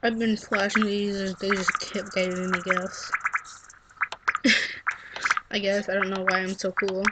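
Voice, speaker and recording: A woman's voice: medium pitch, little pitch movement, slow pace, long pauses, very noisy. A young girl rambling through casual, self-mocking gameplay commentary, easily sidetracked. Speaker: game vlogger. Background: loud game music.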